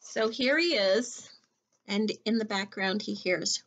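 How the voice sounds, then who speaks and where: Slow, gentle woman reading aloud. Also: mid-range voice, muffled recording. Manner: gentle, chatty, explaining to children. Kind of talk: children's read-aloud.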